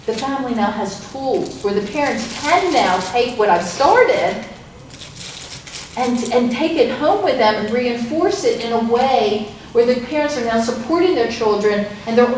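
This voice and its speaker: A woman's voice: on the high side, slight background noise. A woman leading a parent information night, talking earnestly and rambling with restarts. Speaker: program leader. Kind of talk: presentation to parents. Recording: echoey room from far off.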